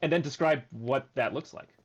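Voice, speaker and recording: A man's voice: medium pitch, normal speed, breathy edge, lo-fi sound. A man running a tabletop game as game master, explaining the rules and thinking aloud.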